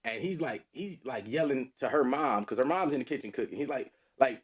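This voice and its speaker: A man's voice: medium pitch, a little fast, hardly any pauses, slightly rough. A man co-hosting a podcast, telling a story in casual chat, rambling with lots of fillers and restarts. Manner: rambling, repeats himself, many fillers. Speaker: podcast co-host.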